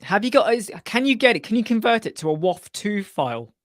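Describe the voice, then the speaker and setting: A man's voice: high-pitched, big pitch swings, brisk, no echo, studio quality. A man hosting a casual live web chat, answering viewers by name in a chatty, joking way. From United Kingdom.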